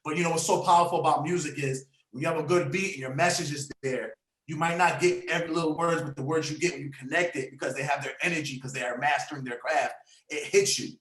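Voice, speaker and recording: An American man co-hosting a casual podcast, with a high, bright voice. He talks in an emphatic, slangy, animated way, and the room around him is noticeably echoey. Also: fast talker. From United States. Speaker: podcast co-host.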